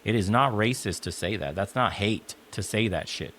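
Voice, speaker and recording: A man's voice: lowish voice, expressive, normal speed, fairly bright tone. Blunt, profane man ranting. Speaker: commentator in a reacted video. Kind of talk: opinion rant.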